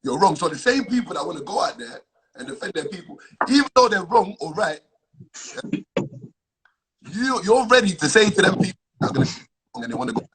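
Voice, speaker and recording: Raspy, lively man, pushy live-stream debater, a touch higher-voiced. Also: fast talker, long pauses, rough recording. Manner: insistent, argumentative, lively.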